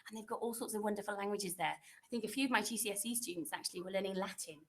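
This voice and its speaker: A woman teacher talks to incoming pupils in a chatty, reassuring way, full of fillers and restarts. Her voice sits at a middle pitch. She speaks into a computer microphone in a classroom. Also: very fast. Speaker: secondary school French teacher. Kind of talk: online welcome talk for new pupils.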